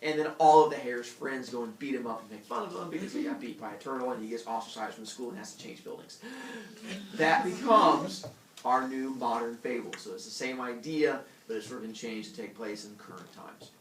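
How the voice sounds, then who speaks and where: A man's voice: mid-range voice, lively intonation, a little fast. A young male teacher lecturing a class, joking and acting out characters in silly voices. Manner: jokey, acts out animal characters in funny voices. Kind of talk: classroom lecture with playful storytelling. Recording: echoey classroom from far off.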